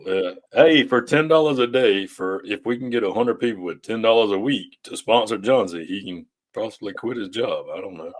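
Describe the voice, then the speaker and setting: A man's voice: on the low side, moderate pace, hardly any pauses. A man co-hosting a casual food show, talking in an easygoing, rambling way. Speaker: co-host. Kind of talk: casual chat.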